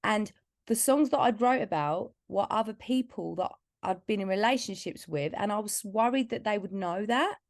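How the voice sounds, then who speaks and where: A singer-songwriter from Essex, England, speaks candidly and from the heart as a guest on a casual podcast, telling stories with lots of filler "like." Her mid-range voice comes at a normal speed in a clean studio recording with no room sound.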